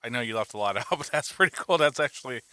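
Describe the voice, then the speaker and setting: A man's voice: medium pitch, lively intonation, quick pace, pushed and bright, no room sound. A man hosting an online interview, mostly giving short reactions and exclamations. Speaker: interview host. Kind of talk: casual interview chat. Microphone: video call.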